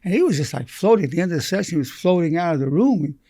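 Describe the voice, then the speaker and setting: A man's voice: a little high, animated, very fast, warm tone, dry recording, clean studio sound. A man in his eighties, a psychologist giving a recorded lesson through patient stories, talking earnestly and repeating key phrases for emphasis. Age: 80s.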